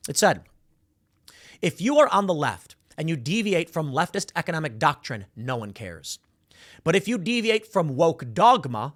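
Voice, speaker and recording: A man hosting a solo political commentary, animated and sarcastic, acting out little voices to make his points. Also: medium pitch.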